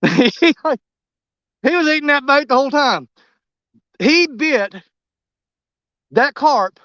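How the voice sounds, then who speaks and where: A man narrating a fishing trip on a snowy riverbank in a folksy, excitable way, talking straight to his viewers. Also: extremely high pitch, dry recording, lo-fi sound. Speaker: fishing vlogger. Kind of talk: casual outdoor commentary.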